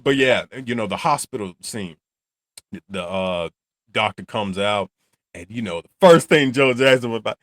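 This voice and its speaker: A man's voice: on the low side, expressive, moderate pace, no echo, studio quality. A man who hosts a reaction channel, talking casually and animatedly, rambling and laughing often. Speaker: channel host reacting to a film.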